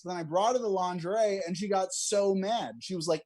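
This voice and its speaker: A man's voice: high-pitched, a little fast, hardly any pauses, a little mellow, no echo. A young man doing a stand-up comedy set over a video call, joking at his own expense and laughing at his own lines. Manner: self-deprecating, laughs at own jokes. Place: at home, streamed online.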